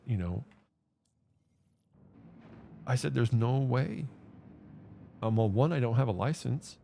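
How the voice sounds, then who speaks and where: A man's voice: lowish voice, vocal fry, dark tone. A man streaming, telling a personal story in an earnest, rambling way with many restarts and repeated words. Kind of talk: casual livestream chat.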